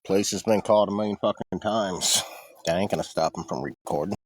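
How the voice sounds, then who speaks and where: A man's voice: deep voice, brisk, dry recording. A man ranting on his livestream in a heated, profane, defensive way. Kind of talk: casual livestream rant.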